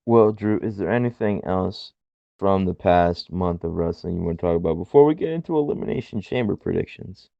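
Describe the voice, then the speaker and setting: Gravelly low-voiced podcast co-host. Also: male voice, animated, brisk, no echo. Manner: wry, laughs often. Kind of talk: casual wrestling chat. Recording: dull lo-fi dry recording.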